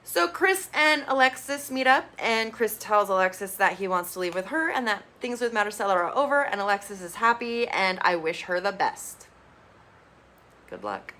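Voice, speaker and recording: A woman recapping a reality show in a casual, blunt and expressive way, swearing freely. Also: medium pitch, normal speed. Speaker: TV reviewer.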